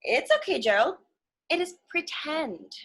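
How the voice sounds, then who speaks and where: A woman's voice: high voice, animated, unhurried, voice pushed up. A woman voicing a cheerful, playful young female pig in a storybook reading, with a bouncy, eager manner. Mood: reassuring.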